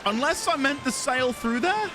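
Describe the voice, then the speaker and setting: A man commentating live as he plays a video game, excitable and joking with his chat. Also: very high-pitched, moderate pace. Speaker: streamer. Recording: game music behind.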